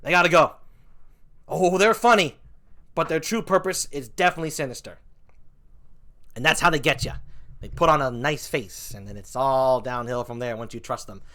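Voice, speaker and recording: A man's voice: mid-range voice, normal speed, long pauses, fairly bright tone. A man doing comedic commentary as a vlogger, ranting with mock outrage.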